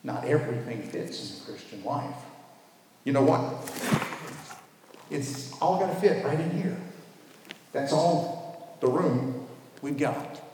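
A man preaching a sermon in a church while the congregation answers him, leaning hard on key words and drawing them out slowly. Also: mid-range voice, animated, warm tone. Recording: echoey hall with faint background noise.

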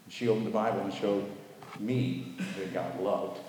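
A male preacher delivers an emphatic sermon, slowing down to stress the words that matter. His voice rings through a very echoey hall with a long reverb tail. A faint hum of background noise sits underneath. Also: mid-range voice, steady tone, a little mellow. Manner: emphatic, drawing out key words slowly. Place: church with a responding congregation.

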